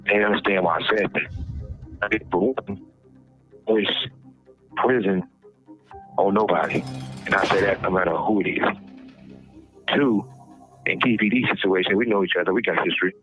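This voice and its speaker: A man speaking as an interview guest, blunt and slow, in street slang. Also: low voice. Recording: tinny phone line with music under.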